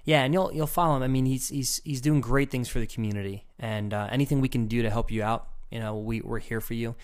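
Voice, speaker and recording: A man's voice: mid-range voice, fast, a little mellow, clear, resonant tone. A man hosting a faith podcast, talking in an enthusiastic, rambling, encouraging way. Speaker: podcast host. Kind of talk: casual faith podcast chat.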